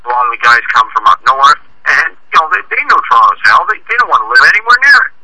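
A Canadian man calling into a talk show, his voice very sharp and tense. He talks haltingly and bluntly, with swearing and fillers, over a faint background hiss. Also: medium pitch, big pitch swings, poor audio. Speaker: caller. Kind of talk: casual call-in chat.

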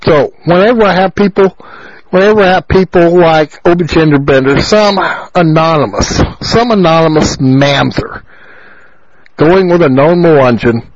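A man's voice: fairly high pitch, moderate pace, no room sound. A man hosting a talk radio show, delivering a ranting, insistent monologue in which he often repeats his phrases. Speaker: radio host. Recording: dull lo-fi radio sound.

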